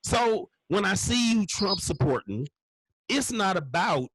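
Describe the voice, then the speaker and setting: A man's voice: high voice, very animated, a little slow, fairly bright tone, slightly rough, dry recording, low-quality recording. A man doing a stand-up comedy set, ranting in a loose, profane way with constant curse words.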